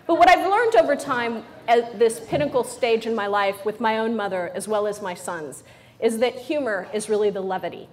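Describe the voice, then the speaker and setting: A woman's voice: a little high, animated, moderate pace, darkish tone. Playful, joking middle-aged woman speaker. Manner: playful and joking, with frequent "right?" asides to the audience. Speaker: motivational speaker. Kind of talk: humorous motivational talk to a live audience.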